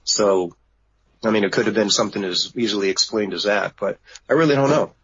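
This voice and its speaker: A man telling of a sighting in a halting way with many restarts, as a guest on a remote interview. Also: fairly low pitch, fairly bright tone, slight background noise. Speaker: guest witness. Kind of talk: casual radio interview. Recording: dull lo-fi remote line.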